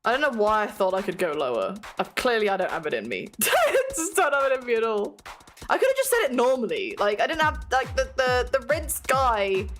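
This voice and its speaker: Giggly British woman, lively high voice. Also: a little fast. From Britain. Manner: chatty, giggly, self-mocking. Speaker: streamer. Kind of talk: casual chat stream. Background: faint music playing.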